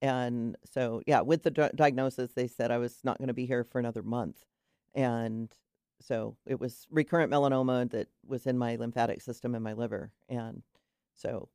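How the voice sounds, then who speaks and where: A middle-aged woman chats on a radio talk show, rambling warmly from one story to the next with frequent restarts. Her voice is recorded close and dry, with no room sound around it. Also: a bass voice, fairly even intonation, normal speed, no room sound. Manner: chatty storyteller, trailing restarts. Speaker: guest, cold-water swimmer. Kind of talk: casual radio chat.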